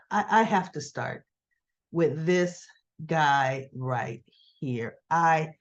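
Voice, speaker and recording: A woman's voice: mid-range voice, lo-fi sound. A woman chatting casually as she recaps a soap opera episode, acting out the characters' lines in a livelier voice.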